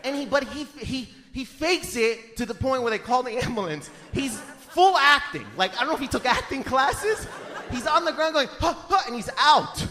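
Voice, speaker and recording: High, bright-voiced comedian man. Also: normal speed, a faint crowd. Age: 30s. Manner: animated storytelling, often yelling impressions of family. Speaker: stand-up comedian. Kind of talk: stand-up comedy set.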